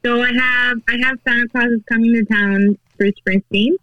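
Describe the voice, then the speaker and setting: A woman's voice: fairly high pitch, fairly even intonation, moderate pace, no echo, highs cut off. A woman chatting casually on a podcast, frank and hesitant with fillers. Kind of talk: casual chat.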